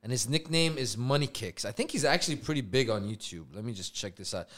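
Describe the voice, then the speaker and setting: A man's voice: mid-range voice, animated, fast, a bit bright. A man hosting a casual podcast chat, laid-back and slangy, reacting to clips with his friends. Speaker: podcast host.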